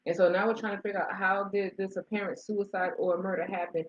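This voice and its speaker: A woman's voice: mid-range voice, steady tone, fast. A woman co-hosting a casual movie review, summarizing the plot in a chatty way with restarts. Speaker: co-host of a movie review show. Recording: dull lo-fi sound.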